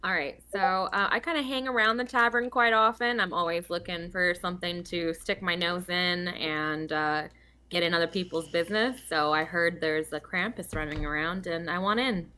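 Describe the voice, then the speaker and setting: A woman's voice: fairly low pitch, steady tone, moderate pace, sharp tone, slight background noise. A woman playing a tabletop game, introducing her character casually. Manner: casual, easygoing. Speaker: player.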